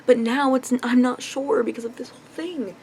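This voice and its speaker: A young woman ranting in a casual vlog into her phone, rambling with lots of fillers and swearing, clearly frustrated. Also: high-pitched, normal speed, darkish tone, a little hiss or hum, low-quality recording. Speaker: vlogger. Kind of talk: casual confessional vlog rant.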